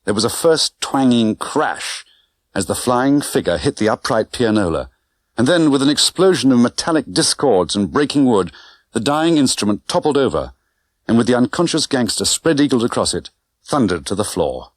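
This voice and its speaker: A man narrating an audiobook with an expressive, dramatic reading. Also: mid-range voice, normal speed, no echo. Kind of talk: scripted narration. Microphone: close studio mic.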